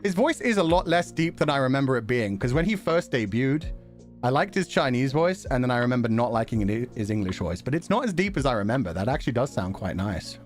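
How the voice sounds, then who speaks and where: A male streamer chatting with his viewers in an easy, talkative way. His pitch moves around a lot, from low murmurs to bright high bursts. Faint music plays softly behind him. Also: big pitch swings, fast talker. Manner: chatty, laughs often, reacts to chat and videos. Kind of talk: casual stream chat.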